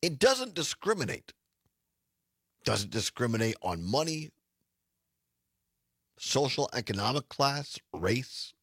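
A male radio talk show host with a hoarse, raspy voice, talking in a casual, halting way with frequent restarts. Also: mid-range voice, sing-song, fairly bright tone, no echo, studio quality.

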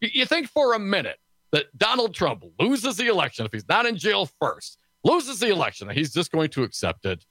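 A man co-hosting a political talk radio show in a studio, sarcastic and snarky, talking fast with lots of restarts. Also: sits high, wildly swooping pitch, a bit bright, dry recording.

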